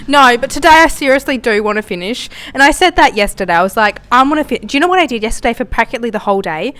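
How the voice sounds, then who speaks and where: A woman with a fairly high voice talks casually to camera in a vlog, filming in her art studio. She is chatty and emotional, pokes fun at herself, and often lets her words trail into slow, drawn-out complaints. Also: lively intonation, a bit bright, a little hiss or hum. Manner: chatty, emotional and self-mocking, with drawn-out sighs. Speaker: artist and vlogger.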